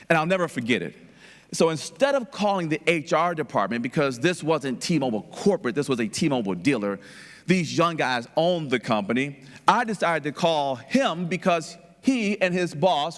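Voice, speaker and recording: Animated male keynote storyteller in a hall. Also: a little high. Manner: animated, repetitive, conversational. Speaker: conference speaker. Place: conference hall. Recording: long reverb of a conference hall.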